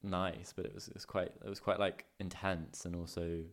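Deep-voiced man co-hosting a podcast, laid-back and searching for words. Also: little pitch movement, moderate pace. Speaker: podcast co-host. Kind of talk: casual chat. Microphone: podcast microphone.

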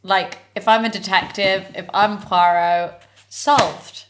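A woman's voice: mid-range voice, steady tone, takes it slowly. A young woman with a British accent co-hosting a podcast in casual chat, laughing often and saying "like" constantly. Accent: British English. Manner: chatty, laughs often, heavy filler "like". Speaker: podcast co-host.

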